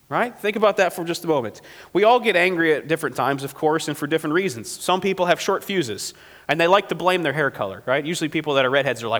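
A pastor delivering a conversational sermon, often tagging lines with "right?" and now and then acting out a quote in a sudden, high, shouted burst. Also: male voice, lively intonation, fast. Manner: conversational preaching with frequent "right?" tags. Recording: long hall reverb.

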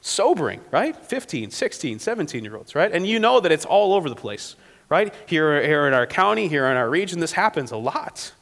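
A male pastor preaches in a casual, conversational way, checking in with "right?" as he goes. His voice sits a little high for a man. The sound carries a long reverb, like a church sanctuary. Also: big pitch swings, a little fast. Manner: acts out quotes with sudden high shouted bursts. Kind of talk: sermon.

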